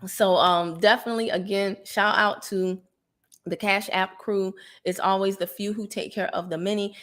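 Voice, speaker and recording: A woman hosting a casual livestream, chatty and laughing often as she greets viewers. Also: fairly low pitch. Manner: chatty, gives shout-outs, laughs often. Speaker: livestream host.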